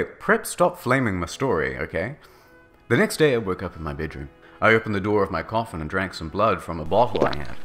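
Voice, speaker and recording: A man's voice: on the low side, a bit bright. A man narrating a comedic dramatic reading, mock-dramatic with sardonic asides.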